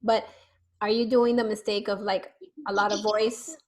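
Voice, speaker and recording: A woman parenting therapist coaching parents on a video call, deliberately swinging her voice from high to low. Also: flat delivery, rough recording.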